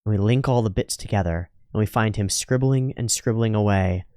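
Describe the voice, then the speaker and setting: A man's voice: fairly low pitch, warm tone, no room sound, studio quality. Laid-back man riffing on an anime. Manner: narrates scenes and jumps into quick mocking character voices, laughs often. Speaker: anime reaction host. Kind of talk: casual commentary over an anime episode.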